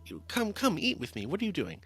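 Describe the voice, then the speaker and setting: Man doing a scheming young woman, high falsetto, mock-sweet, bright tone. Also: wildly swooping pitch, fairly quick, breathy edge, heavily acted. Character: sugary falsely innocent young woman plotting revenge.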